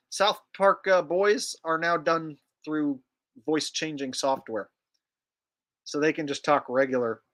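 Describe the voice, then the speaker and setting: A man's voice: fairly high pitch, a bit bright. A man hosting a livestream in casual chat, crude and rambling as he jokes around. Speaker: livestream host.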